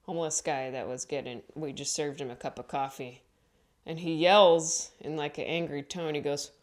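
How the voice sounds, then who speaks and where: A woman comedian talking casually to the camera, chatty and rambling, often correcting herself and laughing along the way. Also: deep voice. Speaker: stand-up comedian. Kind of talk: casual vlog monologue.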